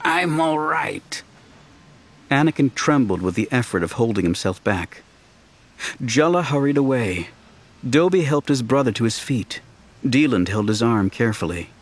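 A man's voice: medium pitch, animated, moderate pace. A man narrating an audiobook, telling the story steadily and shifting his voice for characters.

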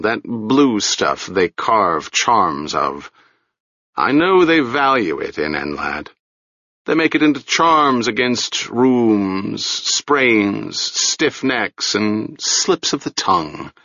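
A man voicing a calm, wry, middle-aged wizard in a storybook reading, easygoing and gently teasing. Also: mid-range voice, slow, no room sound, dull audio, heavily acted.

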